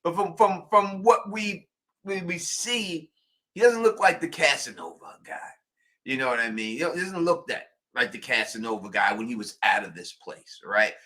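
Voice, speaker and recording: A man co-hosting a show, talking in an animated, emphatic way and repeating his points. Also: a little high, moderate pace. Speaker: podcast co-host. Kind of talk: casual chat.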